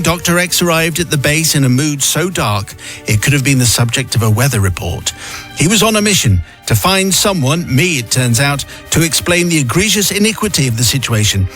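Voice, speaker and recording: Man reading a letter over soft music. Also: fairly high pitch, sing-song, moderate pace. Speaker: radio host. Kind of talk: reading a listener's letter aloud.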